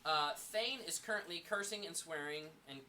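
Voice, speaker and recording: A man running a tabletop role-playing game, chatting casually and then narrating the story with frequent ums and pauses. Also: fairly high pitch, pushed and bright, slight background noise. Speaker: game master.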